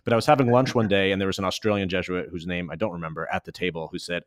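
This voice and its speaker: A man's voice: deep voice, fairly even intonation, very fast, hardly any pauses, no room sound, clean studio sound. A man hosting a podcast, chatting casually and rambling with lots of filler words. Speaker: podcast host. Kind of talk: casual chat.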